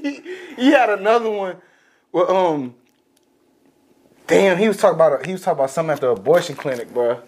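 A man's voice: high-pitched, lively intonation, brisk, long pauses, a little mellow. A young man in casual chat, eagerly jumping in with his own stories.

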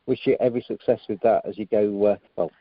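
Brisk man over a tinny phone line. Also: lowish voice, fairly even intonation, dry recording. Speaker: podcast host. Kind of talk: interview chat.

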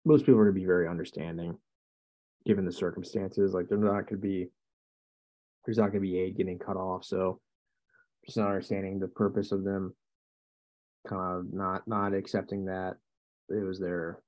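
A man's voice: low-pitched, little pitch movement, moderate pace, pauses often, a little mellow. A man hosting a casual discussion, easygoing and agreeable, asking his guest questions. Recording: dull lo-fi sound.

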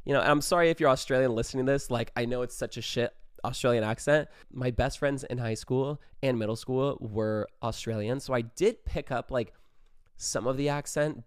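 A man's voice: mid-range voice, clean tone, dry recording, studio quality. A man telling a wild party story in a casual vlog, rambling, swearing and filling with "like". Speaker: vlogger.

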